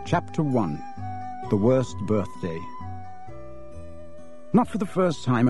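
A man reads an audiobook aloud in a scripted narration, measured and expressive like a storyteller. His voice sits on the low side.

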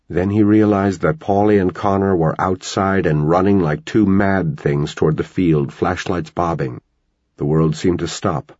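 Very low, husky male narrator. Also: steady tone, measured pace, darkish tone, no echo, muffled recording. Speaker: audiobook narrator. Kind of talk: scripted narration.

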